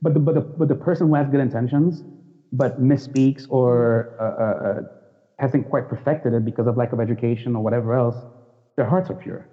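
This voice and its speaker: A man's voice: medium pitch, fairly quick. A man from the United States talking frankly in a casual discussion, restarting sentences and laughing easily. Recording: dull sound with long hall reverb.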